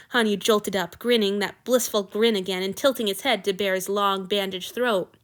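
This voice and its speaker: A woman reads a story aloud as an audiobook narrator, with a bright, clear tone. Her storytelling is expressive. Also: medium pitch, fairly quick, few pauses. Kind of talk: audiobook fan fiction reading.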